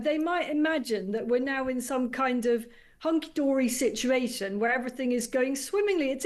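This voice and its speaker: Sharp, critical woman pundit. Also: high voice. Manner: brisk, sharply critical, dry. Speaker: international editor, studio guest. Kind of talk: political commentary in talk radio interview.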